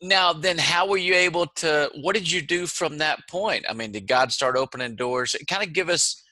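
A man's voice: a little high, moderate pace, pushed and bright, dry recording. A man hosting a casual interview, enthusiastic and slangy as he reacts and asks the next question. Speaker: interview host.

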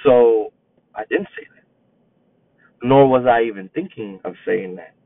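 A man's voice: medium pitch, a little slow, no echo. A man in his twenties, a teacher and coach, telling a story in a rambling, reflective way with many restarts. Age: 20s. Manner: rambling, repeats himself, reflective. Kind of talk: casual storytelling monologue. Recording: tinny phone-like line, dry.

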